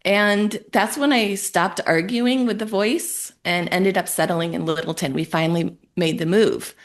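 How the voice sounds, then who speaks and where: A woman from Ohio, a guest on a podcast, telling her story in an animated, emotional way and acting out her own thoughts. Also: mid-range voice, unhurried. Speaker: guest entrepreneur and business coach. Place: home in a Colorado town.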